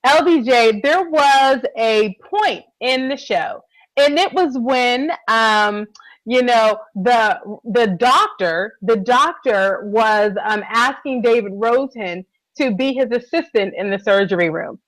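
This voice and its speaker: High-voiced, eager woman co-hosting a recap. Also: slow, no room sound, low-quality recording. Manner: enthusiastic, keeps addressing her co-host. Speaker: podcast co-host. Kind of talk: casual TV recap chat.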